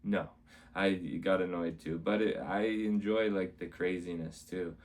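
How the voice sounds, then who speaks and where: A man with a low voice tells his week's stories in a loose, rambling way, and he keeps coming back to the same upbeat words. He is a comedian talking to camera about his shows, and he sometimes acts out what other people said. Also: fairly even intonation, a little slow, darkish tone. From Canada. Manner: rambling, repeats "amazing", acts out quotes. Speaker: stand-up comedian vlogging. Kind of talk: casual rambling recap.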